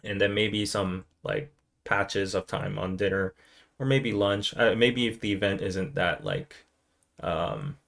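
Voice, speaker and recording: A man's voice: lowish voice, expressive, takes it slowly, gravelly, fairly bright tone. A man hosting a podcast, chatting in a loose, rambling way and now and then slipping into playful impressions. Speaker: podcast host. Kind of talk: casual live-stream chat.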